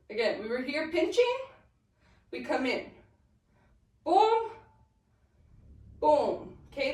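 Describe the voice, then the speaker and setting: Young woman, high lively voice, unhurried dance teacher, upbeat and chatty, echoey room with the mic set back. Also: far from the mic. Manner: upbeat, counts beats aloud, frequent "okay" and "boom". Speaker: dance instructor. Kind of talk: step-by-step dance tutorial.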